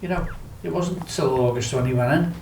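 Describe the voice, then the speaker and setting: This Scouse storyteller from Liverpool has a fairly high, creaky voice with a darkish tone and a brisk pace. As a guest in casual chat he rambles on, sprinkling in fillers like "do you know what I mean," while the echoey room adds faint noise.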